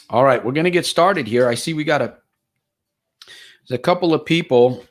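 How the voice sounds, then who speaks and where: A man's voice: on the high side, moderate pace, pauses often. A man from Stockton, California hosting a live-stream Q&A as a motivational life coach, earnest and repetitive, often restarting and repeating his phrases.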